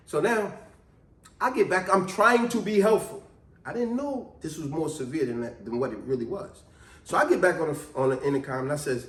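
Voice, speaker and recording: A man telling a story in a casual, animated, chatty way. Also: on the high side, normal speed, long pauses, roomy sound.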